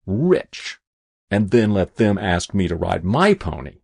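A man's voice: deep voice, expressive, unhurried, a bit bright, no echo, clean studio sound, full character voice. A man voicing a poor, proud young boy who talks back stubbornly and defiantly. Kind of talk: audiobook character voice.

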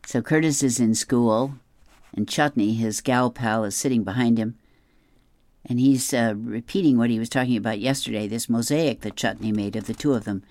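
A middle-aged woman reading newspaper comics aloud, describing each panel in a relaxed, amused way. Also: extremely low pitch, moderate pace, no room sound. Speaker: comic strip reader.

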